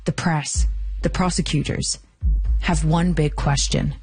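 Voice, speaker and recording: Low-voiced woman narrating a podcast. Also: soft background music. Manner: measured, even narration. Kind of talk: scripted narration.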